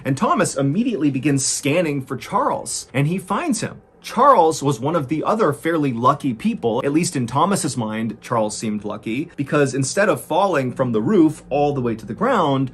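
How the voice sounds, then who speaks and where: A man's voice: moderate pace, few pauses, husky. A man narrating a true story in a dramatic, suspense-building way, lifting his voice at the tense moments. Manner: suspenseful, builds tension, rises in pitch at exciting moments.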